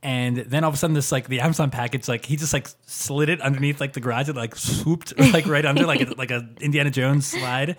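A man co-hosting a podcast, telling animated stories with lots of fillers and quick laughs. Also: medium pitch. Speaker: podcast co-host. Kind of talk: casual chat.

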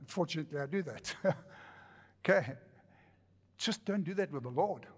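A man preaches with a slightly high voice, animated and joking, repeating phrases for emphasis. His voice carries a long reverb through a church hall. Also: moderate pace, husky. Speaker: pastor. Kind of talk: sermon.

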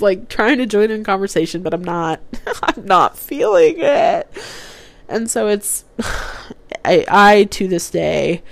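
A young woman tells a story on her solo podcast in a low, chatty voice. She laughs easily and fills her talk with "like" and "um." Her delivery is loose and conversational. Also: no room sound. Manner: chatty, laughs often, many fillers. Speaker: podcast host.

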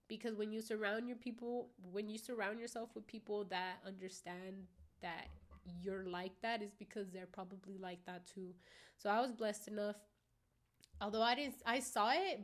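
A young woman vlogger talking openly to her viewers in a casual, rambling way, swearing often and leaning on fillers like "you know what I mean". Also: medium pitch. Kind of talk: candid casual monologue.

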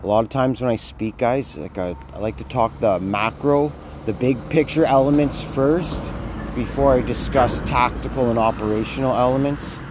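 A man's voice: medium pitch, moderate pace. Rambling man over street noise. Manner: rambling, slangy, says "dude" a lot. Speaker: vlogger. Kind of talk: casual rambling monologue.

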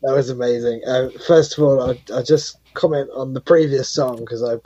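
A man co-hosts a radio music show over a dull, lo-fi remote mic. His voice is husky, and he gushes with enthusiasm, halting on fillers and swearing now and then. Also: mid-range voice, fairly even intonation, mellow. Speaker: radio co-host. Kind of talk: casual radio chat.

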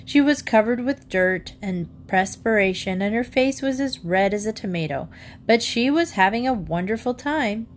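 A woman reading a children's book aloud, in an expressive storytelling manner. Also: fairly high pitch, moderate pace, a little hiss or hum. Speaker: narrator.

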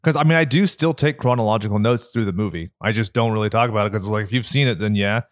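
A man with a nasal voice co-hosting a podcast, talking in a rambling, candid, lively way. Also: lowish voice, fast talker, no room sound. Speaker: podcast co-host. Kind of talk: casual podcast chat. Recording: dry close mic.

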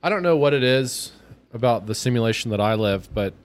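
A man's voice: mid-range voice, lively intonation, a little fast. A man casually chatting on a podcast, telling rambling anecdotes and acting out the people in them. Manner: rambling anecdotes, acts out voices in quotes. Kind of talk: casual chat, storytelling.

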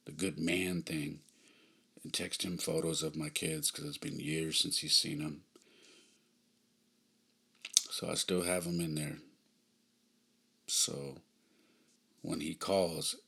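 Deep flat-voiced guy talking low and slow, bit sharp-edged tone, sighs a lot between words. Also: creaky, slightly rough. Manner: subdued, sighing, halting. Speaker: podcast host. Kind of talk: personal storytelling monologue.

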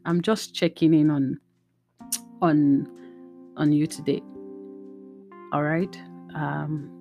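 A young woman speaks to her listeners in a personal, heartfelt monologue. Her voice sits a little low, and she talks in an open, chatty way with plenty of fillers. Faint guitar music plays softly behind her. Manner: candid, emotional, chatty with many fillers. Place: her bedroom at home.

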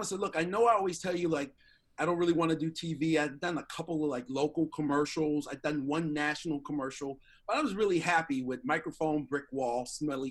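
Animated middle-aged male storyteller. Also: a little high. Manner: animated, acts out quoted voices. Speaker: interview guest. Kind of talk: casual storytelling.

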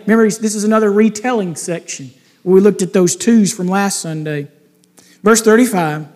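Guy preaching a sermon, kinda high voice, earnest, keeps asking the same question twice, big echoey hall sound. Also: normal speed, darkish tone. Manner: earnest, repeats rhetorical questions. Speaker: pastor. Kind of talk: sermon with scripture reading. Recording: long reverb of a large hall.

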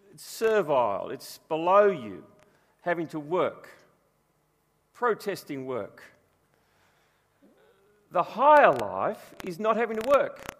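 Man, pastor preaching, chatty and humorous, fairly high voice, long reverb of a big church. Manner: chatty storytelling with humour. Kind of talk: sermon. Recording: long reverb from a large room.

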